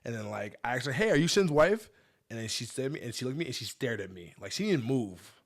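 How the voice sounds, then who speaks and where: A man's voice: medium pitch, creaky. A man who is a guest on a podcast, chatting casually and often repeating words as he gets a sentence going. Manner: halting, repeats words when starting sentences. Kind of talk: casual conversation. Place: host's home studio.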